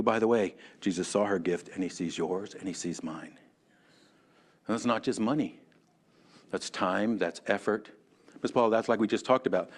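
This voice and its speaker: Low-voiced man teaching Sunday school. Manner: animated, chatty, calls on class members by name. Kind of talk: conversational sermon. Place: church classroom.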